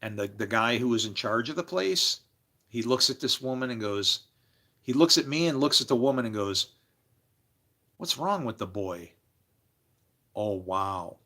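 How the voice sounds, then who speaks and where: A man livestreaming, telling rambling personal stories in a loose, animated way, laughing and swearing freely as he jumps between tangents. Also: mid-range voice, normal speed. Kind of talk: casual rambling storytelling.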